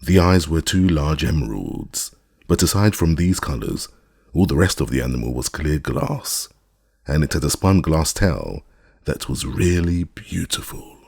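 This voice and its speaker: A man reads an audiobook in a steady, measured voice. His pitch is extremely low and gravelly. The sound is dry and close. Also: no echo. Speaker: audiobook narrator. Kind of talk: scripted narration.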